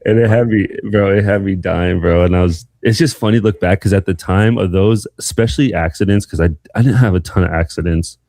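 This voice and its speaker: A young man co-hosting a podcast, telling a rambling, animated story in casual chat. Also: low-pitched, fairly quick, hardly any pauses, no room sound, studio quality. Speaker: podcast co-host.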